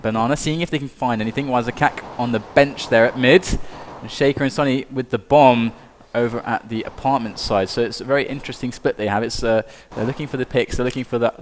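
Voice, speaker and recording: A man's voice: medium pitch, big-room sound, a little hiss or hum. Chatty young male esports caster. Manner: chatty, laughs easily, stumbles over words. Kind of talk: casual esports casting and play-by-play.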